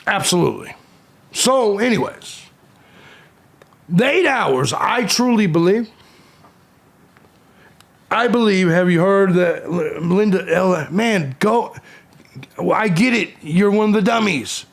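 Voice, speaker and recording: Gravelly, combative man streaming live. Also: high voice, lively intonation, takes it slowly, long pauses. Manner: combative, profane, taunting trolls in chat. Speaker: livestream host. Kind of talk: live stream chat, reading and answering comments.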